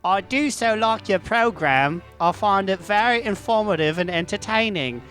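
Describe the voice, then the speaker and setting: A man's voice: sits high, expressive, normal speed, fairly bright tone, faint music behind, voice pushed up. A man voicing a cheeky Cockney worgen woman reading out a fan letter in a gossipy, folksy way.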